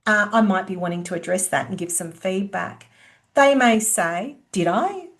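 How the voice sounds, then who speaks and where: A woman presenting a workplace skills webinar, teaching in a lively way and acting out quoted lines of dialogue. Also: mid-range voice, normal speed.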